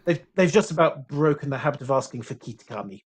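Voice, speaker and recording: A man giving live esports game commentary, explaining tactics calmly with dry jokes. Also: mid-range voice, fast talker, husky. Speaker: esports caster.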